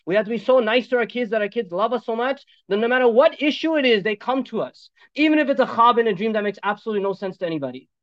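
Fast, high-voiced male preacher. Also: no room sound. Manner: animated, joking asides, switches between Arabic recitation and English. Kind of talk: sermon on Quran commentary. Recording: dull, dry lo-fi recording.

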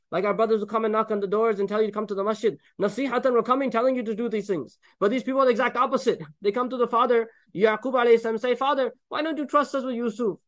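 Rapid-fire high-voiced male preacher. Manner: animated, joking, acts out quoted characters. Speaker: Islamic preacher. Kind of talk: sermon on Quran with Arabic recitation.

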